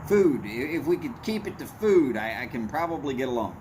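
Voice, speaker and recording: A man's voice: mid-range voice, sing-song, a little fast, background noise. A man hosting a casual livestream, chatting with viewers in meandering asides, with a tone others hear as angry. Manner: blunt, talks in meandering asides. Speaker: livestream host reading chat. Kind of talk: casual rambling chat.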